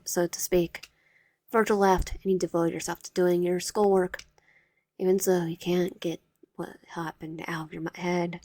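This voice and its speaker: A woman's voice: on the low side, little pitch movement, moderate pace, no echo. A woman reading a visual novel aloud in second person, adding wry, joking asides. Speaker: game player reading aloud.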